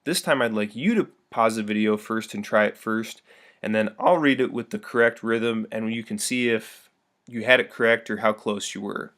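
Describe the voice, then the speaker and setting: A man teaching a recorded video lesson in a friendly, upbeat way, reading verse slowly with heavy stress. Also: fairly low pitch, fairly bright tone.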